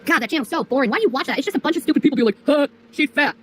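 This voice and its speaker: A woman's voice: high-pitched, lively intonation, rapid-fire, slight background noise. A woman streamer on a profane rant, mocking and scolding her critics. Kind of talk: profane ranting livestream.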